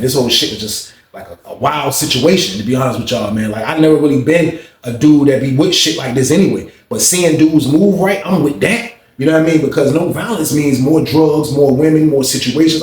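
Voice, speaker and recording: A man telling a story in a casual, slangy and profane way, talking straight to listeners. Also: medium pitch. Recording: echoey room.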